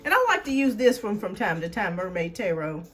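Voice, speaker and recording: A woman's voice: medium pitch, very animated, fairly quick, fairly bright tone. A woman hosting a live tarot stream, out of breath and chatting casually while she greets viewers by name.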